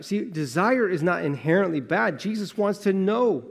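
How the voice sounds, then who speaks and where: A man preaching a sermon as pastor, earnest and conversational, moving between emphatic lines and hushed asides and posing rhetorical questions. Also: high voice, animated, normal speed, vocal fry, hardly any pauses. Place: church sanctuary. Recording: long church reverb.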